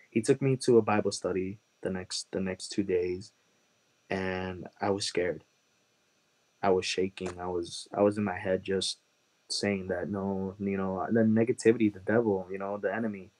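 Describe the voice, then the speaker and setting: Earnest man, low voice. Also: darkish tone. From Chicago, USA. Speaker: guest giving a testimony. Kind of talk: emotional personal testimony.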